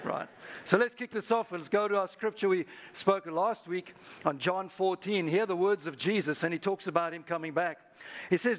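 A man's voice: sits high, moderate pace, fairly bright tone. A man preaching a sermon as pastor to a live congregation, prompting the listeners to repeat phrases back to each other. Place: church service.

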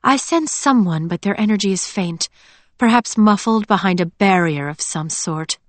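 Older sorceress, cool and imperious, a touch higher and thinner, as the woman narrator puts her on; audiobook. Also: animated, moderate pace, no room sound, natural voice. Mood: wary.

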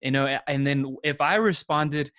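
A man's voice: a little high, normal speed, fairly bright tone, dry recording, clean studio sound. A man in his thirties, a podcast guest, who talks earnestly in a casual interview and repeats words as he thinks.

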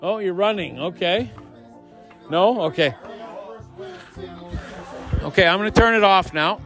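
A man hosts a relaxed party podcast with friends in a garage shop, kidding around and rambling while interviewing people over background music. His high-pitched voice is gravelly and a bit bright, a little slow, with a faint crowd nearby.

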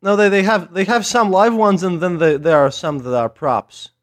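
A man chatting as a podcast guest over a voice call, halting and full of restarts, with a joking tone. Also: high voice. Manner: halting, restarts often, jokey. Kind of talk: casual chat over a call.

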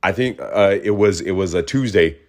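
A man's voice: sits low, moderate pace. A man hosting his own podcast, talking alone in a casual, rambling way and acting out quoted voices. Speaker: podcast host. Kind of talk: casual solo monologue.

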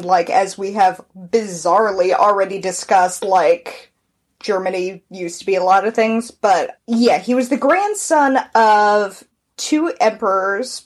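A woman co-hosting a podcast, chatting casually and telling a history story with frequent laughs. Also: mid-range voice. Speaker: podcast co-host. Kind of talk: casual chat.

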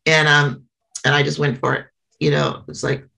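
A middle-aged woman talks through her experience at a small meeting. Her voice sits low and has a gravelly fry to it. She speaks earnestly but haltingly, often pausing and starting over. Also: flat delivery, bright, forceful tone, poor audio. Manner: halting and earnest, many pauses and restarts. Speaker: member sharing at a support meeting. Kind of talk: personal share at a small meeting.

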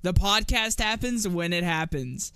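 A man's voice: sits high, expressive, unhurried, pushed and bright, smooth, no room sound, studio quality. A man hosting a casual podcast, laughing often and swearing freely in rambling talk. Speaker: podcast host.

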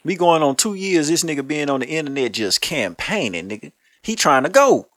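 A man's voice: a little high, brisk, no room sound, studio quality. Cursing man ranting in street talk. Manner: blunt, heavy cursing, animated storytelling. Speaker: host of a commentary show. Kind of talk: profane street-talk commentary rant.

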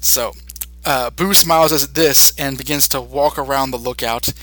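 A man's voice: mid-range voice, fairly even intonation, normal speed, pushed and bright, no room sound. A young man hosting a podcast, casually retelling a cartoon episode with many fillers and restarts. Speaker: podcast host.

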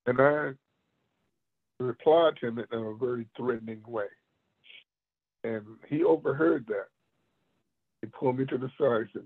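Husky martial arts master on a phone line. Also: male voice, mid-range voice, moderate pace, long pauses. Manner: animated storyteller, laughs often. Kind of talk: storytelling in a conversation.

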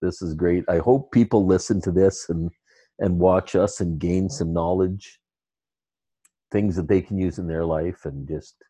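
A man's voice: sits low, unhurried, warm tone, husky, no echo. A man hosting an interview podcast, easygoing and laughing along as he wraps up.

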